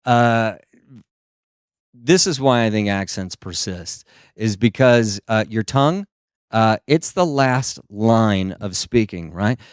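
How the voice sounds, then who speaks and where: A young man from the United States doing a stand-up comedy set on a small stage into a handheld microphone, telling stories and jumping into high, silly voices for the people he quotes. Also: lively intonation, takes it slowly, clear, resonant tone, no echo, clean studio sound.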